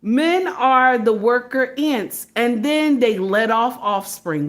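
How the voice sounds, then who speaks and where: High-voiced woman preaching to her listeners. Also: expressive, slow. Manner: emphatic, asks rhetorical questions of her audience; addresses listeners as sisters, sermon-like. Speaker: online commentator. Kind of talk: preachy commentary monologue.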